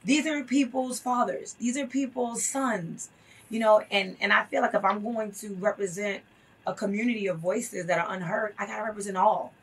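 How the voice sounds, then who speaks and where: A woman's voice: medium pitch, normal speed, slightly rough, distant mic. A woman guest telling a story in an interview, earnest and impassioned, repeating phrases for emphasis.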